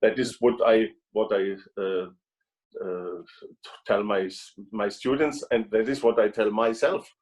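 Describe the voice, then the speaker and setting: A man, a guest trumpet player talking on a video call, speaking haltingly with many restarts and repeated words. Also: on the low side, fairly even intonation, a little mellow, low-quality recording. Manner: halting, frequent restarts and repetitions. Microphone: video call microphone.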